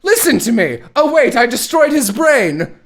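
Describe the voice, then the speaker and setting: A man voicing a smug, scheming immortal woman villain in a mocking, shrill, sing-song tone. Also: big pitch swings, normal speed, fairly bright tone, exaggerated voice.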